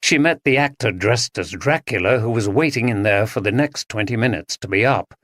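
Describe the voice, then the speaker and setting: A man reading a story aloud as an audiobook narrator, with expressive storytelling. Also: on the low side, moderate pace, no echo, studio quality. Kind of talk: scripted narration.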